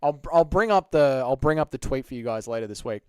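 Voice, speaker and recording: A man's voice: mid-range voice, lively intonation, fairly quick, darkish tone, clean tone, no echo, clean studio sound. A young Australian man hosting a casual livestream, reading the chat aloud, joking and swearing freely. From Australia (Melbourne). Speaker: MMA channel host.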